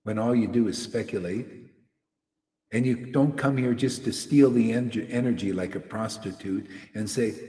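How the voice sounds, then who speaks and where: A man's voice: on the low side, a little slow, mellow. A man giving an informal, confrontational devotional sermon, rambling and often asking "see?" to his listeners. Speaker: preacher. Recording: echoey hall with long reverb.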